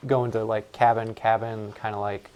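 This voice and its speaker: A man's voice: fairly low pitch, little pitch movement, normal speed, a little mellow, clear, resonant tone. A man playing a tabletop game, speaking hesitantly. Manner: hesitant, rambling. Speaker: player. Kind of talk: casual tabletop role-play.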